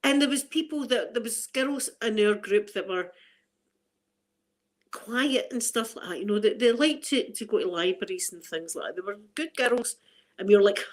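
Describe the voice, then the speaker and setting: A Scottish woman in her forties, chatting casually on a live stream and telling funny stories about herself. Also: normal speed. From Scotland. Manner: animated, self-mocking, quotes herself in a high excited voice. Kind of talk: casual live chat storytelling.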